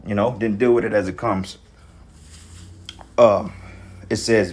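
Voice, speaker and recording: A man's voice: fairly low pitch, steady tone, a little slow, long pauses. A man giving an informal sermon to his brothers, exhorting in casual street talk with frequent profanity and repeated "you know what I'm saying". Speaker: preacher.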